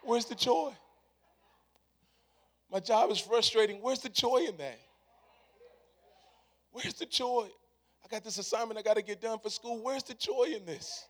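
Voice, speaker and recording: High-voiced preacher man, hushed to loud. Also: unhurried, pauses often. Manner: repetitive rhetorical preaching, swings from hushed to loud; casual, conversational phrasing. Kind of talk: sermon.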